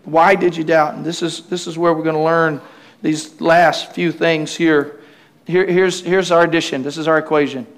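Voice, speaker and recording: A male pastor preaching a lively sermon, calling out to the congregation and acting out the voices of the disciples. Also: on the high side, normal speed. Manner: preachy, call-and-response, acts out voices of the disciples.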